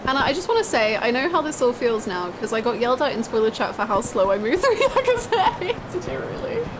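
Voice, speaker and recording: A woman's voice: high voice, sing-song, brisk, noisy background. A young woman giving playful, theatrical commentary while live-streaming a video game. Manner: playful and theatrical, swinging into mock drama. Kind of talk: casual live gameplay commentary. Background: game music.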